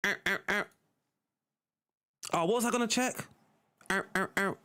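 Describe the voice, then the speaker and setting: A man's voice: sits high, normal speed, bright, forceful tone, clear, resonant tone. A young man live-streaming a football management game, chatting casually to his viewers as he plays. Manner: chatty, talks to chat while playing.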